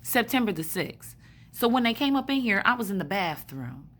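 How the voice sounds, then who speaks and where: In a hospital room, a woman who makes spiritual vlogs tells a meandering story, swearing freely, speaking bluntly, and leaning on fillers. Her medium-pitched voice swings widely in pitch at a moderate pace and has a slightly bright tone. It's a casual storytelling monologue.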